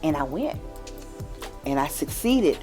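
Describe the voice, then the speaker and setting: Lively grandmother telling stories. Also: sits low, slow pace, faint music behind. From Kentucky. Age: older. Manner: animated, acts out voices in her stories. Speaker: grandmother of the host. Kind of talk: casual storytelling chat.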